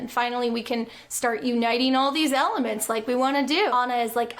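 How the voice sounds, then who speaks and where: A woman giving comedic commentary, reading passages aloud with dry, deadpan humor. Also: on the high side, brisk, few pauses. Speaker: video essayist.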